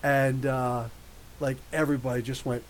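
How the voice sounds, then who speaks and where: A man in his thirties hosting a live podcast, reading viewer questions and telling rambling, animated stories. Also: mid-range voice, normal speed, low-quality recording. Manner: rambling, animated storytelling with laughs. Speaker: podcast host. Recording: faint hiss.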